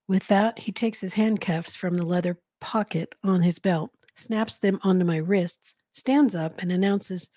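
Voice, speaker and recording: A woman's voice: lowish voice, measured pace, hardly any pauses, warm tone, no echo, clean studio sound. A woman hosting a podcast, reading a novel aloud in a casual way with giggly asides. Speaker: podcast host and reader.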